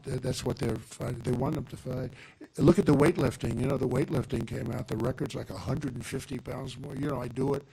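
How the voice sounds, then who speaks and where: A man's voice: mid-range voice, creaky, husky. An older man giving a rambling, digressive campaign rally speech at a podium microphone, repeating his points for emphasis. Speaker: political speaker at a rally. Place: outdoor or large rally venue.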